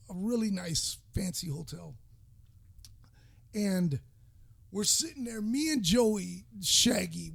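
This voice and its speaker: Gravelly man telling a rambling story. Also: high-pitched. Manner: rambling, profane, drawn-out storytelling with many fillers. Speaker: podcast co-host. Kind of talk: casual storytelling chat.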